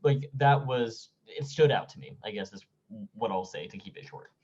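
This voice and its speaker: A man's voice: mid-range voice, normal speed, a little mellow, slightly rough, muffled recording. A man giving effusive, emphatic praise to fellow players after a tabletop role-playing session, in casual talk. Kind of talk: casual post-game feedback.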